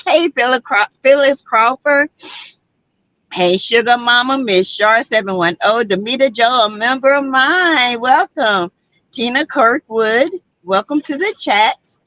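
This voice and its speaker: A Southern-accented woman hosting a laid-back livestream, reading out viewer comments and greeting people by name. She talks slowly, with a voice pitched a little high. The sound is dull and lo-fi. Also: fairly bright tone, dry recording. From South Carolina. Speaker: livestream host.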